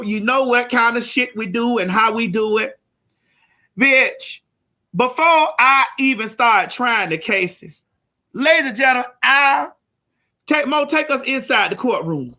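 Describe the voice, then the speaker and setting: A woman hosting a live-streamed comedy talk show, loud, brash and profane, hollering at her audience. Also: on the high side. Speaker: host.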